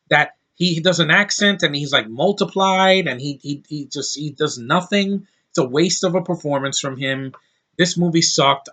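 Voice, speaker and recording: A man rants through a casual movie review in a bright, forceful voice. He is blunt and scornful, and he swears offhandedly as he picks things apart. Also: a little high.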